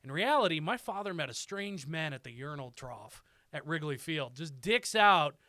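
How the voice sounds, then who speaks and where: A man's voice: on the high side, normal speed, no echo, studio quality. A man in his thirties, a comedian guest on a podcast, telling stories animatedly with lots of swearing and acted-out voices. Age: 30s. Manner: animated storyteller, profane, acts out quoted voices. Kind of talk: casual podcast chat.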